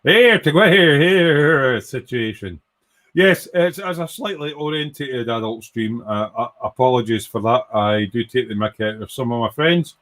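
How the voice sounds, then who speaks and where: A man's voice: mid-range voice, expressive, measured pace, a bit bright. A man hosting a casual live stream, rambling cheerfully, swearing freely and reading out viewer comments.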